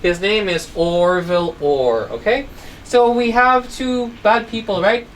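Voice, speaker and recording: A woman teaches children an online phonics lesson, telling a simple story and constantly checking whether they follow. Her voice is medium in pitch with a measured pace, picked up by a distant mic with faint background noise.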